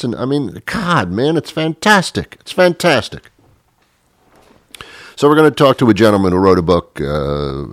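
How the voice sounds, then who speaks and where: A man's voice: medium pitch, dry recording, clean studio sound. A male radio host delivering a comic monologue, rambling and stammering and poking fun at himself. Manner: rambling, stammering, self-mocking. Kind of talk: comedic talk radio monologue.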